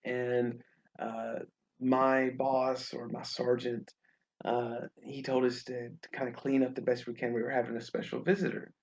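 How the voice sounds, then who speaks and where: A man's voice: mid-range voice, level tone, unhurried, lo-fi sound. A young man from Alabama, an English teacher telling stories in a casual online class, chatty and full of fillers. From Alabama, USA. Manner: friendly, chatty, many fillers. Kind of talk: casual webinar storytelling.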